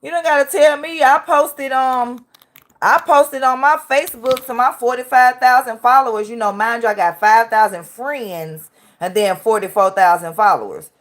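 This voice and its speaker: Brief: female vlog host, sassy running commentary, slightly high voice. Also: moderate pace. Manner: sassy, talks back to clips. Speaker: vlog host reacting to clips. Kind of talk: casual reaction commentary.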